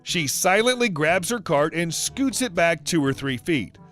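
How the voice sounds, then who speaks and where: A man reading stories aloud in a brisk storytelling manner. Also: fairly high pitch, lively intonation, fairly bright tone. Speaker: story narrator. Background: faint music.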